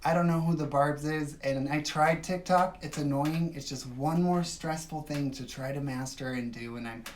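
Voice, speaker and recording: A woman's voice: low voice, moderate pace, darkish tone, a little hiss or hum. Chatty woman hosting a phone livestream. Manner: chatty and emphatic, swinging from gushing to dismissive. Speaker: livestream host. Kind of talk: casual livestream chat reading viewer comments.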